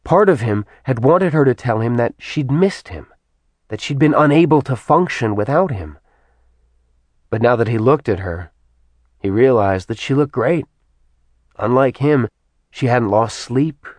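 A man narrating an audiobook in a soft, even storytelling manner. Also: medium pitch, a little slow, pauses often, no room sound. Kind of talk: scripted narration.

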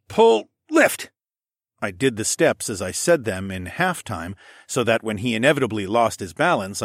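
A man narrating a first-person audiobook, with lively, playful character dialogue. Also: fairly low pitch, dry recording, studio quality.

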